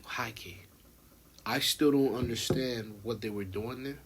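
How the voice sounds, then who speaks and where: Husky young man in casual podcast chat. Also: mid-range voice, measured pace. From United States. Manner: loose, slangy, many fillers and restarts. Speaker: podcast co-host.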